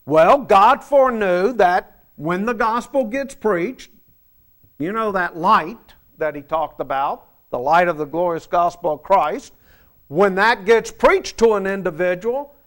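High-pitched guy preaching slow, loud points then quiet asides, asks the crowd stuff. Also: expressive. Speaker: pastor. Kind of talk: sermon.

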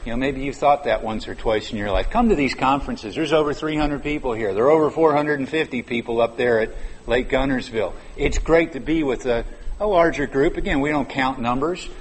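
A man's voice: mid-range voice, a little fast, husky. A man preaching a sermon at a church conference, conversational and then suddenly emphatic on key words. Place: large church conference hall. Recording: reverberant hall with faint ambience.

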